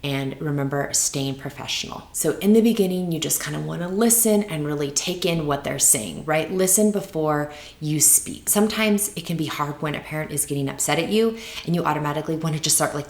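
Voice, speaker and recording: A woman with a notably low voice gives teaching advice straight to camera in a relaxed, conversational way. She keeps tossing in little tag questions to check in with viewers, and her voice rings off the walls of an echoey room. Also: a little fast. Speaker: teacher and channel host. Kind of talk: advice video talking to camera.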